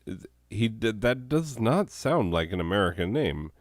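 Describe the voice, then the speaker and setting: A hoarse, sick man hosting a comedy show, rambling in a deadpan way with chuckles and coughs. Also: fairly low pitch, unhurried, no echo, clean studio sound.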